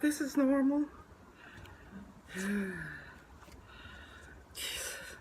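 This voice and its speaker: A woman's voice: fairly low pitch, expressive, slow, pauses often, noisy background. A woman vlogging as she unboxes an album, gushing and gasping with delight. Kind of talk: excited unboxing vlog.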